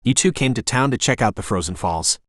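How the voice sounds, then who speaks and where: A man voicing a serious older small-town doctor with a slight Spanish accent, asking measured questions. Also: mid-range voice, lively intonation, fairly bright tone, dry recording, studio quality.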